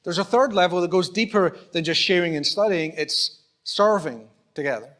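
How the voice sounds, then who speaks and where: In a church auditorium, a man from Scotland delivers a conversational sermon in a high, slightly bright voice at normal speed. The pastor acts out small dialogues and pokes fun at himself.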